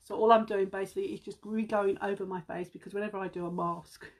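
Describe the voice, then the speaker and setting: A chatty woman from Britain hosts a casual beauty live stream, a bit out of breath. Her voice has a gravelly, husky edge. She talks to her viewers as guys and hums under her breath between tasks. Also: mid-range voice, steady tone, fast. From United Kingdom. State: slightly out of breath. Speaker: beauty seller livestreaming.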